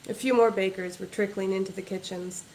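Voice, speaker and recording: A woman's voice: medium pitch, fairly even intonation, fairly quick, a little mellow, slight background noise, low-quality recording. A woman author reading aloud from her own novel at a livestreamed book launch, in a plain reading voice without character voices or accents.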